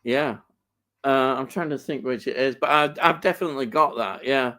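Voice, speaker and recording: A man's voice: mid-range voice, moderate pace, bright, forceful tone. A middle-aged Yorkshire man chatting casually on a livestream and reading out viewer comments, with lots of ums and easy laughter. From Yorkshire, England. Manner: hesitant, many ums, laughs easily. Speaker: livestream co-host reading chat. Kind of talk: casual chat.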